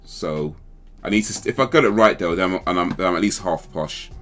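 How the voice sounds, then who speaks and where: A man's voice: deep voice, fairly quick, a bit bright, faint music behind. A man hosting a casual livestream chat, rambling and thinking aloud as he second-guesses himself. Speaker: livestream host.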